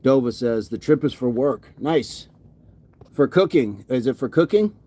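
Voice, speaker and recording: A man's voice: medium pitch, lively intonation, unhurried, mellow. A man livestreaming a workout, winded and sweaty, reading viewer comments aloud and often repeating himself in casual chat. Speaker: fitness livestreamer.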